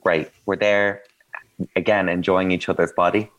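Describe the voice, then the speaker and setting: Man, deep voice, candid anecdotal guest with a self-deprecating streak. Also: level tone, moderate pace, a bit bright, muffled recording. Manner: candid, self-mocking, chatty with fillers. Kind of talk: casual anecdotal storytelling.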